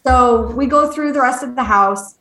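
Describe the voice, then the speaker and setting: A woman, a podcast co-host and medium, telling a story in a casual, animated way, laughing often, swearing and acting out what people said. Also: fairly high pitch, moderate pace. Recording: echoey room.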